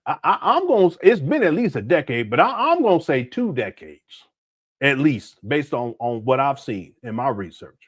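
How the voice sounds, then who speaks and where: A man's voice: mid-range voice, sing-song, normal speed, no room sound. A man hosting a livestream, chatting casually in loose, joking, profane reaction commentary and tripping over his words. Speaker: livestream host.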